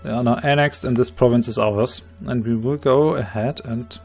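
A man with a slightly hoarse voice calmly explaining his moves, thinking aloud in a strategy game let's play. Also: mid-range voice, normal speed, faint music behind. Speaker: game commentator.

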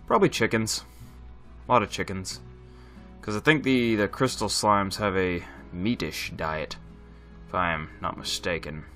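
A man's voice: lowish voice, measured pace, fairly bright tone, faint music behind. A man giving casual let's play commentary, thinking aloud and chatting to his viewers. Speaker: gaming channel host.

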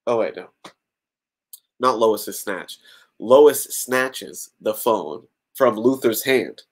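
A man's voice: fairly low pitch, expressive, extremely slow. A man hosting a podcast, reading a fan-written story aloud and breaking off for joking comments. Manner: adds joking asides to the story. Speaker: podcast host.

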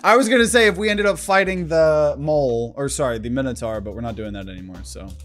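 A man's voice: mid-range voice, fast, a bit bright, faint music behind. A man giving casual let's-play commentary, thinking aloud as he plays. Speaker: gaming channel host.

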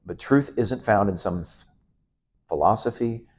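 Speaking a little slowly, this middle-aged man has a lowish voice with a breathy edge. As a pastor giving an expository sermon, he preaches forcefully, stacking repeated phrases and dropping in an odd "uh."

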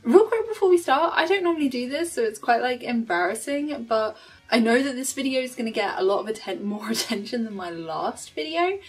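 A young woman hosting a casual reaction video, excitable and quick to laugh. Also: a little high, husky, faint music behind. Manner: excitable, laughs often, shrieks at big moments. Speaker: reaction channel host.

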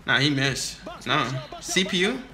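A man's voice: fairly high pitch, big pitch swings, measured pace. A young man giving casual, heated commentary over his own basketball video game match, swearing and trash talking his teammates and opponents.

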